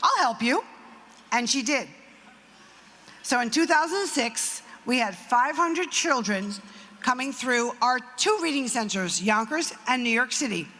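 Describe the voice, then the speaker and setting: A woman's voice: on the high side, expressive, measured pace, bright, forceful tone. A middle-aged woman giving a speech at an event, telling a story with acted quotes and asides. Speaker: nonprofit founder giving a speech. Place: event hall. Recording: reverberant hall, faint noise.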